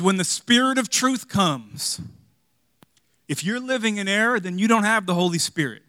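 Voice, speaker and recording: A man preaches with a bright, forceful, slightly high voice. He swings between emphatic loud lines and hushed, confiding asides, full of rhetorical questions and light jokes. The sound is dry and close. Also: dry recording. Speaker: pastor. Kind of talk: sermon.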